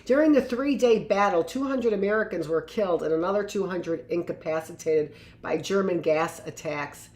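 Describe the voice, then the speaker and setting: A woman's voice: lowish voice, moderate pace, few pauses, a little mellow, reverberant. A woman teacher reading a history book aloud to a class, stopping for chatty asides and correcting her own slips.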